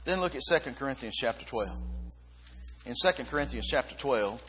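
A man preaching a sermon, reading scripture and repeating key words with emphasis, pausing between short phrases. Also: medium pitch, animated, bright, forceful tone. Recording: long hall reverb.

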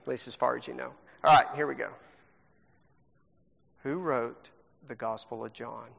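A man's voice: mid-range voice, steady tone, moderate pace, gravelly, a bit bright. A man, a pastor teasing and joking as he runs a trivia game for a congregation in a church sanctuary. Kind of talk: playful game hosting to a congregation. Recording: long hall reverb, dull lo-fi sound.

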